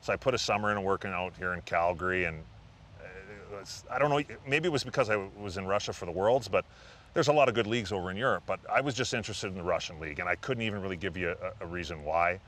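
A middle-aged man, a retired hockey player as an interview guest, telling relaxed, self-deprecating stories with lots of fillers. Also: sits low, fast talker, slight background noise. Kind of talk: casual interview storytelling.

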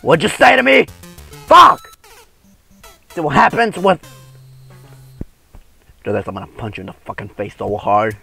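A man commentating gameplay with a friend, crude and trash-talking, swearing and yelling often. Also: lowish voice, very animated, fairly quick, vocal fry, pauses often, slightly rough, soft background music. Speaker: gamer co-host.

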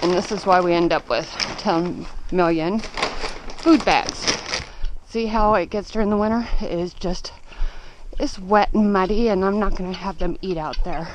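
A woman's voice: lowish voice, normal speed. A woman vlogging her morning farm chores, out of breath as she works, cooing to her animals in a baby voice, recorded outdoors on a handheld camera. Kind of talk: casual vlog narration. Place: outdoors on a muddy farm with horses. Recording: clear background noise outdoors.

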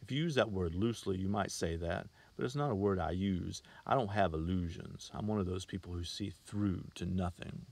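A man's voice: sits low, moderate pace, creaky, few pauses, darkish tone. A man voicing a thirty-year-old educated woman who speaks in a precise, detached way, reading a short story aloud. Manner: precise, detached, clipped speech.

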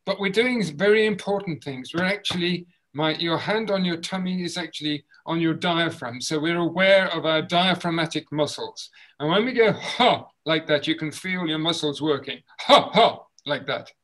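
A man's voice: on the high side, moderate pace, hardly any pauses, poor audio. Encouraging man leading voice exercises. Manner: encouraging, demonstrates sounds with loud bursts. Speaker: voice and movement workshop leader. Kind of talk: leading a group voice exercise session. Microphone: video call.

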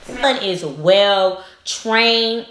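A woman's voice: mid-range voice, lively intonation, very slow, a bit bright, echoey room, rough recording. A young woman vlogger talking to the camera, playful and dramatic, trash-talking in a casual prank video.

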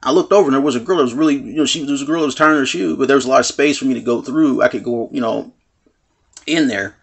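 Man, vlogger. Husky, gravelly voice, rambling casual storytelling, acts out quotes with cursing. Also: mid-range voice, quick pace. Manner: rambling, full of "you know what I'm saying"; acts out quoted lines with swearing. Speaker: vlogger telling a personal story.

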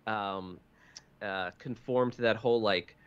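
A man's voice: on the low side, measured pace, clear, resonant tone. A man guest on a casual podcast, rambling a little and hedging as he talks. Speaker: guest filmmaker. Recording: slightly dull lo-fi podcast audio.

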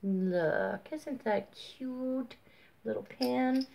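A woman chatting casually as she shows off craft mail, gushing and drawn-out, sleepy and yawning. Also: fairly high pitch, vocal fry, dark tone. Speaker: craft vlogger. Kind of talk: casual show-and-tell chat.

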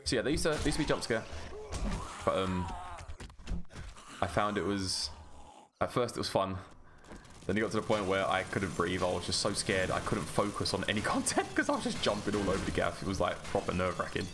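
A man's voice: low voice, sing-song, brisk, pauses often, background noise. A man rambling and chatting with an easy laugh while he gives casual gameplay commentary as a gaming YouTuber.

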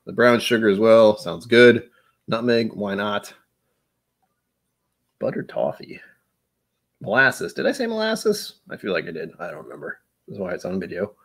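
A young man with a low, slightly husky voice, chatting loosely through a whiskey tasting on his stream. His pitch swings widely as he reacts, rambling, making playful noises and drifting into humming. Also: sing-song, moderate pace, long pauses. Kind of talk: casual live-stream tasting chat.

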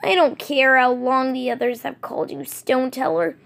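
A woman voicing an old golden tabby tomcat, once noble, speaking calmly and steadily. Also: high voice, normal speed, vocal fry. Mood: earnest.

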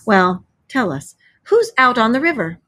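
A woman voicing a sociable male water rat in a storybook read-aloud, hearty and brisk. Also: a little high, big pitch swings, sharp tone, dry recording, voice pushed up, full character voice. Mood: chatty.

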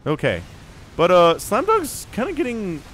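Excitable male game caster. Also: high voice, a little slow, a little hiss or hum. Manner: excitable, rambling, laughs and shouts at big plays. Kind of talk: esports commentary.

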